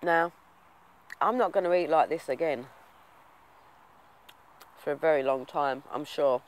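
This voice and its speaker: In poor audio, a man with a fairly high, unhurried voice chats to the camera for his vlog. He's a self-confessed waffler, rambling thoughtfully and sincerely through plenty of fillers.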